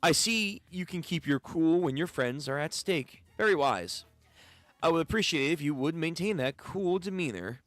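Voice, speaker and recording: Cast a man reading as a composed, withholding male broker with a fairly high, lively voice. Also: moderate pace, no echo, natural voice. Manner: smooth, polite, withholding. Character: calm secretive male information broker.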